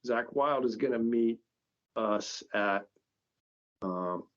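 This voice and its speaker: A man's voice: mid-range voice, slow. A man, a company founder, telling stories as a podcast guest in a rambling, stop-start way. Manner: rambling, with many restarts. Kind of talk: casual storytelling. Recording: dull lo-fi podcast audio.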